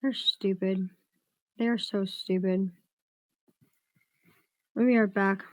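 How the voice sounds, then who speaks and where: A woman hosting a casual home livestream goes on an angry, curse-filled rant, stopping now and then to reassure someone beside her off-mic. Her voice is mid-range with a steady tone and a slow pace, and there's no room sound.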